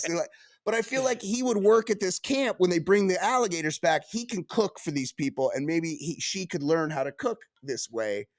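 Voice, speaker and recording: A man co-hosting a podcast, reading news aloud and riffing on it in casual comedic banter, full of restarts and quick asides. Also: fairly high pitch, dry recording, studio quality. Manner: animated, riffing, reads news aloud then jokes; frequent restarts and filler yeahs. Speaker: podcast co-host.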